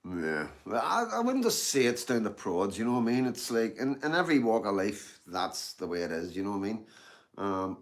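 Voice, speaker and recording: A man's voice: lowish voice, big pitch swings, moderate pace. Chatty man on a live stream. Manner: rambling, chatty, repeats himself, lots of "you know what I mean"; eating and drinking tea between remarks. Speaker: livestreamer reading out chat. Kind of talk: casual live-stream chat. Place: in Glasgow.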